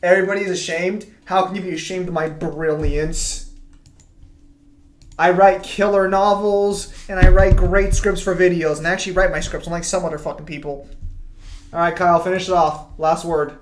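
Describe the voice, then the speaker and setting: A man's voice: high-pitched, steady tone, moderate pace, a little hiss or hum. A man hosting a casual gaming chat with friends, teasing and laughing often. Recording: echoey room.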